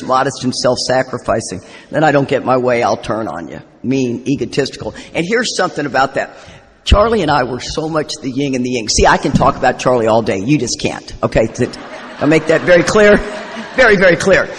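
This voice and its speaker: A woman's voice: deep voice, slight background noise. A middle-aged woman telling humorous, self-deprecating stories at a recovery convention, rambling as she goes. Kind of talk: storytelling recovery talk. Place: convention hall. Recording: live talk in echoey hall.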